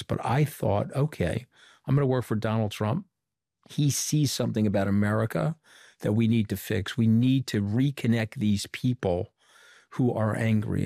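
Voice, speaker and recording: A middle-aged man from Long Island speaks in a lowish voice, recounting events as an interview guest. He acts out the people he quotes in little bits of dialogue. The sound is dry, with no room around it. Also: creaky, no echo. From Long Island, New York. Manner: animated storyteller who quotes people in dialogue. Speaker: interview guest, former communications director. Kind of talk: conversational storytelling interview.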